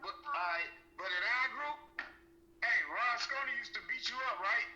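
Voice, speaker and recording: Male co-host, casual, very high bright voice, echoey room. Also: lo-fi sound. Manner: prodding, quick questions and reminders. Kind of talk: casual chat.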